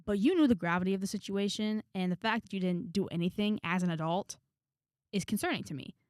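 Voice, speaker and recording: A woman's voice: mid-range voice, fast talker, a little mellow, dry recording, clean studio sound. A young woman vlogger telling a story in a frank, chatty way, with sighs and trailing asides. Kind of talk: casual storytelling to camera.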